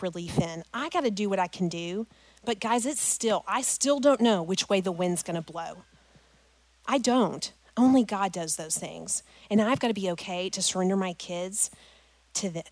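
Recorded dry, a middle-aged woman with a mid-range voice tells a parents' group an emotional personal story tied to scripture. Her storytelling is animated and full of feeling, and she calls the audience "guys."

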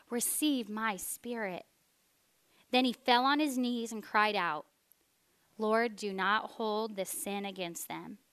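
A woman, preaching a sermon as an animated storyteller who drops to a hush for weighty points. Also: fairly high pitch, clean tone. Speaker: speaker.

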